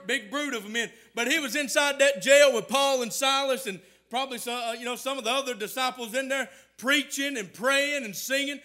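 A man preaching a sermon. He repeats words and stumbles often, then builds to loud, shouted emphasis. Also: very high-pitched.

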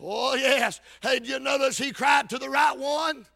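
Man, revival preacher, very high shouting voice, sharp bright tone, chanted cadence, folksy speech. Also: steady tone, moderate pace, vocal fry. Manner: hollering, chanted cadence with frequent "Amen" and "Hey".

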